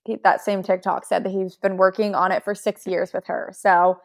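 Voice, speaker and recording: A woman's voice: mid-range voice, little pitch movement, moderate pace. A young woman co-hosting a podcast, chatting casually and recapping celebrity gossip with quoted asides. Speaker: podcast co-host.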